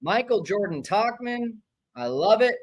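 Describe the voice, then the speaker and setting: An excitable man hosts a live baseball watch-along for his viewers, his voice sitting slightly high. He swings between loud cheering and irritated griping about the players, and stops to read viewer chat names aloud. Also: measured pace, rough recording. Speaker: live stream host reacting to a baseball game.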